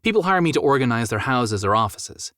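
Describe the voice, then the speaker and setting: A male audiobook narrator voicing a slightly flustered, organized young woman with a lightly raised, quick voice. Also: mid-range voice, sing-song, fairly bright tone, no room sound. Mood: chatty. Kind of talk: audiobook character voice. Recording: dry close studio sound.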